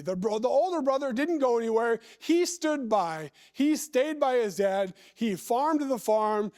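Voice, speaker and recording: Slow high-voiced male preacher. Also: darkish tone. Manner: deliberate, stretches words, asks the listeners questions. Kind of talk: sermon with scripture reading. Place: church.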